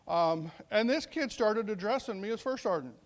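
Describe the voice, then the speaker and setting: A man's voice: high-pitched, animated, normal speed. A middle-aged man, a police sergeant, telling a story in a conversational speech and acting out bits of dialogue. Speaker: police sergeant speaking at a veterans summit.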